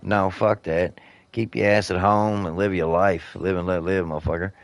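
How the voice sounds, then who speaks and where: A man's voice: low voice, steady tone, normal speed, no room sound. A man giving heated, profane, rambling commentary while he plays a video game. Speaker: gaming streamer.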